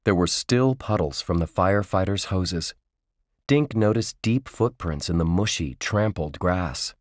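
A man narrating a children's book in a slow, measured storytelling manner. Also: deep voice, no echo, clean studio sound. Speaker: audiobook narrator.

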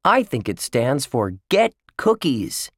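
A man voicing an excitable young boy who jokes and yells about cookies. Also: medium pitch, takes it slowly, dry recording, clean studio sound, pitched above the performer's own voice. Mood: excited, joking. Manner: loud, yelling, playful.

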